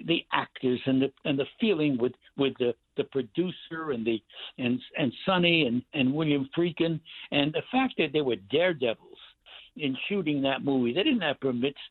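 Older new guy on a tinny phone line, rambling stories, kinda high voice. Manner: rambling, animated anecdotes with many restarts. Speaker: guest actor. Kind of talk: casual storytelling interview.

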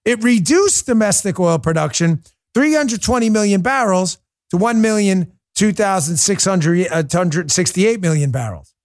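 A man's voice: high voice, animated, moderate pace. Heated ranting male podcast host. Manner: heated, ranting, mocking, repeats himself. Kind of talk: political commentary with ad read.

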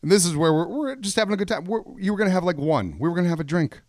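Brief: relaxed, rambling man, mid pitch, lively swings, dry sound. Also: racing, no echo. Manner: easygoing, laughs often, rambling. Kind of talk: casual storytelling chat.

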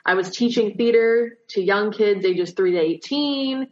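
A woman's voice: mid-range voice, a little slow, darkish tone. A young woman from Southern California who teaches theater, chatting casually on a video call and filling her talk with "like". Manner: chatty, many "like" fillers. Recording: dull lo-fi call audio.

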